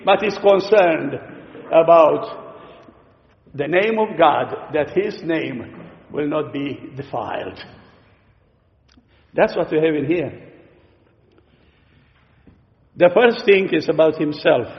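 A man's voice: on the high side, animated, takes it slowly, long pauses. A male preacher giving a sermon, explanatory and emphatic, with frequent fillers. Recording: echoey hall, dull lo-fi sound.

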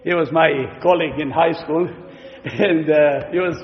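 A man's voice: a little high, unhurried. A male preacher giving a sermon, explanatory and emphatic, with frequent fillers. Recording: echoey hall, dull lo-fi sound.

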